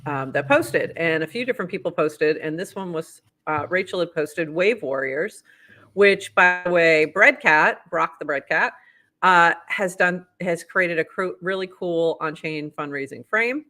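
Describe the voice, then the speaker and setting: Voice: mid-range voice, measured pace, pushed and bright. A podcast co-host with a Boston accent, chatting casually and reading posts aloud in an upbeat, easy manner that breaks into laughter.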